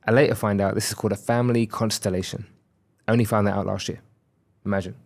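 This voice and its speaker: A man's voice: on the low side, steady tone, fast talker, vocal fry. A man in his thirties, a podcast guest, telling a candid, reflective personal story and acting out the dialogue he quotes.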